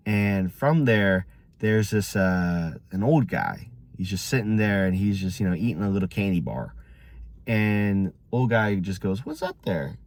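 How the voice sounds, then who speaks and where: A man's voice: deep voice, lively intonation, a little slow, a little mellow, dry recording. Rambling, casual male storyteller. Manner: rambling with frequent fillers.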